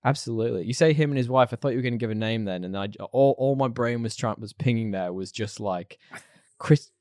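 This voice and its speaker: A man co-hosting a podcast in casual chat, animated and laughing often. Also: mid-range voice, fast talker, no echo, clean studio sound. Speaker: podcast co-host.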